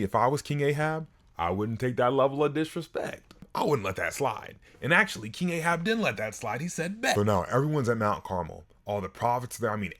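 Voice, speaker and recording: A man casually retelling a Bible story, joking in slang and swinging his pitch widely for emphasis. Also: a bit bright. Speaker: online Bible teacher.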